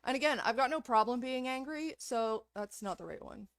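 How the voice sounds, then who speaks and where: Furious lady streamer cussing nonstop, kinda high pitched, dead dry room. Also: brisk, no room sound. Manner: profane, heated. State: angry. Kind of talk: livestream rant.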